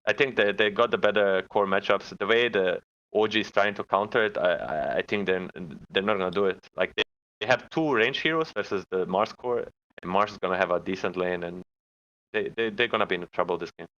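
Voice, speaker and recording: Low-voiced man on muffled lo-fi audio. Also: a little fast, fairly bright tone. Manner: hesitant, repeats words. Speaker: esports analyst. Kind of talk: pre-game analysis. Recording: dull lo-fi audio.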